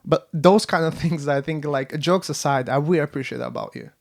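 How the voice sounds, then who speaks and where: A man's voice: on the high side, fairly quick, vocal fry. A man hosting a casual podcast chat, swearing freely and acting out other people's reactions. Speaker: podcast host.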